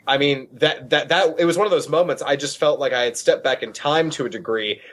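A man's voice: medium pitch, a little fast, a bit bright. A man, a guest on a talk show, telling a story and often repeating words as he gets going. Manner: repeats words when starting sentences. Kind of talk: animated storytelling.

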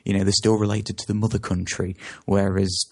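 Low and darkish, with little pitch movement, this man's voice moves fairly quickly. He's an interview guest who talks at great length in a casual conversation, often breaking off to correct himself.

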